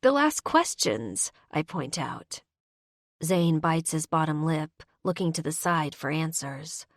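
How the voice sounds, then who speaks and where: A woman's voice: low voice, steady tone, unhurried, no echo, clean studio sound. A woman narrating a romance audiobook in the first person, emotive, voicing both characters' dialogue.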